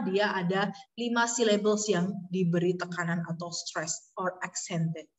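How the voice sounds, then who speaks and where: A woman with an Indonesian accent giving a university lecture, mixing English with Indonesian and pausing often on fillers. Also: mid-range voice. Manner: switches between English and Indonesian, many fillers. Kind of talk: online lecture. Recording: distant mic with long reverb.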